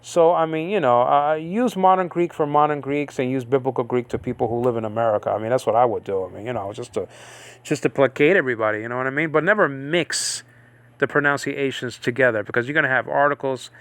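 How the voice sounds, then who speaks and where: A Bible teacher gives an informal study lecture in a mid-range, fairly bright and clean male voice, speaking fairly quickly with no echo. He rambles, leans heavily on fillers, and keeps asking his listeners "okay?"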